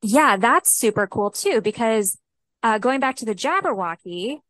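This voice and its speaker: A woman co-hosting a podcast, excitable and exclaiming, peppering casual talk with 'like'. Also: a little high, a little slow, dry recording. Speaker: podcast co-host.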